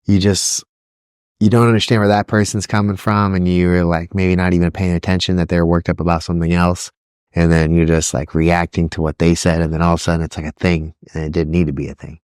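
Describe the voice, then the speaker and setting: A man's voice: low-pitched, level tone, fairly quick, darkish tone, clear, resonant tone, no echo, studio quality. A young man co-hosting a casual podcast chat, laughing often and filling his talk with "like". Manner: laughs often, says "like" constantly. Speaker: podcast co-host.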